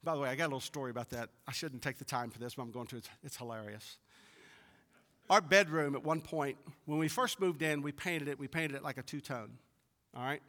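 A middle-aged man preaching a sermon, building to emphatic peaks and then dropping soft and low. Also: brisk. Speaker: pastor. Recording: long reverb of a large hall.

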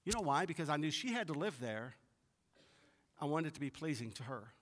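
A middle-aged pastor preaches with a somewhat high voice, swelling into emphatic lines and then falling back soft and low. His voice carries a long reverb from a large hall. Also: very animated, fairly quick. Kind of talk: sermon.

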